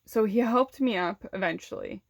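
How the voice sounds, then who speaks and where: A woman's voice: medium pitch, moderate pace, no echo, clean studio sound. A young woman vlogger candidly recounting a personal story in casual speech, with many fillers and restarts. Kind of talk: storytime vlog.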